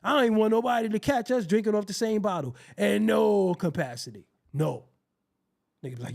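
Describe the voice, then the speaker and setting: A man hosting his show, telling a comedic, profane story in an animated way and acting out the quoted voices. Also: high voice, moderate pace, creaky. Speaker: show host.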